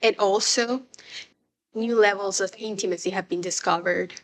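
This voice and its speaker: A young woman giving casual reaction commentary on a TV show, excitable and swearing, breaking into laughs. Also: mid-range voice, moderate pace. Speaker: show reviewer.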